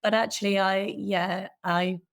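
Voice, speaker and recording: Croaky, frank British woman, lowish voice. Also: normal speed. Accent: British English. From England. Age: middle-aged. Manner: frank, steady, occasionally swearing. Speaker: interview guest. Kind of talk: candid personal storytelling.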